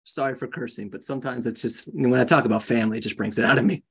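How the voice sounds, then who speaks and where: A man coaching a live group of real estate agents in a lively, joking way, often acting out conversations. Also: mid-range voice, racing, slightly rough. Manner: animated, jokey, acts out conversations.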